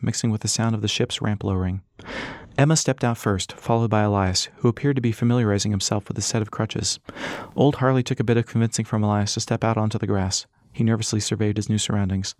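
A man narrating an audiobook in a steady, even manner. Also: lowish voice, dry recording, clean studio sound. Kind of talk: scripted narration.

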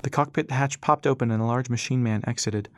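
A man reading an adventure novel aloud as narrator in a steady storytelling manner. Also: mid-range voice, fairly quick, no echo. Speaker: audiobook narrator. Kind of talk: scripted narration.

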